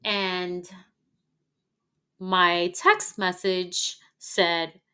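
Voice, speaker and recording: A woman hosting a podcast, speaking in a personal, reflective monologue that is candid, heartfelt, halting and unhurried. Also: on the low side, flat delivery, sharp tone, smooth. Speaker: podcast host.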